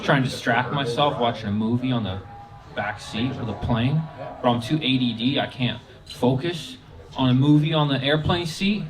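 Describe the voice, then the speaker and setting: A man's voice: medium pitch, normal speed. A man doing a brash, crude stand-up set on a comedy club stage, telling stories and acting out what people said to him. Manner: brash, crude storytelling with acted-out quotes. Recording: loud crowd laughter in a comedy club.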